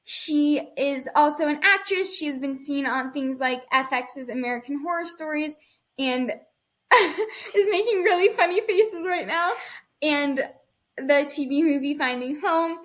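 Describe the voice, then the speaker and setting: Young woman podcast host; bright, high voice; casual teasing chat. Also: unhurried. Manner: chatty, teasing.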